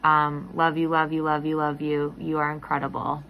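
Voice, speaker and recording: A woman recording a gentle, slow video message to a friend. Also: low voice, flat delivery, muffled recording, slight background noise. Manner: slow, gentle, repeating herself.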